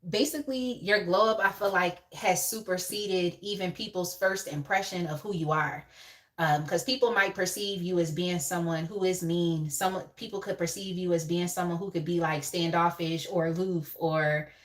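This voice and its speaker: A woman's voice: fairly low pitch, steady tone, moderate pace. A young woman hosting a casual live tarot reading, chatty and laughing often as she talks to viewers in the chat by name. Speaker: tarot reader on a live stream.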